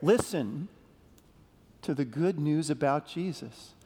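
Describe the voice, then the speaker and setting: Slow, gentle man in an echoing sanctuary. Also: on the high side, expressive, husky. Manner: gentle, playful storytelling to kids, asking questions. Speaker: pastor leading a children's message. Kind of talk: children's sermon with call-and-response. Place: large church sanctuary. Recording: long reverb of a big sanctuary.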